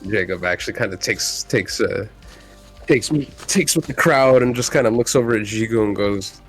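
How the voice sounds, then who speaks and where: A man playing a tabletop game, speaking in a laid-back, halting way. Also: fairly low pitch, faint music behind. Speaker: player. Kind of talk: casual tabletop role-play.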